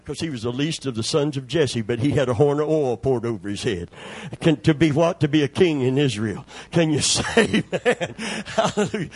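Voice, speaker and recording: An emphatic male pastor preaching a sermon in a high, husky voice. He presses his points hard and keeps calling for amens and hallelujahs. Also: lively intonation, moderate pace.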